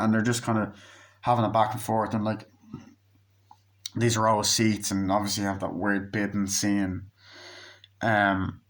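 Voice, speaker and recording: A man giving a casual, rambling film review, swearing freely and losing his train of thought. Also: on the low side. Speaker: movie reviewer.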